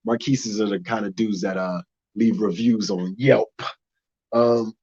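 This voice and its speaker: Animated young comedian, lo-fi audio. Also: male voice, fairly low pitch, measured pace, slightly rough. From United States. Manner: loose, animated, punchy delivery. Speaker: stand-up comedian. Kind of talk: stand-up comedy set. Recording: dull lo-fi audio.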